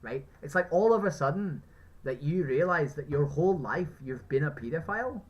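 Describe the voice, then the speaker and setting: A man's voice: a little high, lively intonation, normal speed, muffled recording. A man with an Irish accent, a street activist talking someone round, emphatic and profane, who keeps asking "right?". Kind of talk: persuasive street conversation.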